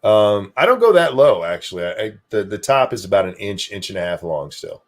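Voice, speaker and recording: Profane, animated older man hosting a stream. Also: on the low side, a little fast. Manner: profane, animated, self-deprecating. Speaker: streamer hosting a talk show. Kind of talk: casual chat.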